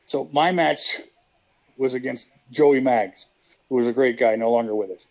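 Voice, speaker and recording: A man's voice: medium pitch, normal speed, a little mellow. Middle-aged guy, ex wrestler, cracking jokes at himself, kinda muffled audio. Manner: joking, self-deprecating storyteller. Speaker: guest, former pro wrestler. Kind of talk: casual storytelling interview.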